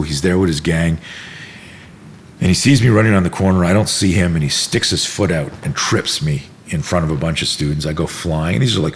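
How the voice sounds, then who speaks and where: A man's voice: sits low, a little hiss or hum. A middle-aged man, a self-defense instructor, telling stories in a casual interview, acting out quotes and swearing freely. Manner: animated storyteller, acts out quotes, swears freely.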